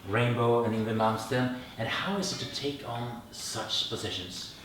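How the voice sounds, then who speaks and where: A man's voice: mid-range voice, moderate pace, fairly bright tone. A man interviewing a guest, asking questions with some hesitation and repeated words. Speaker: interviewer, host. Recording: echoey room, from far off, faint noise.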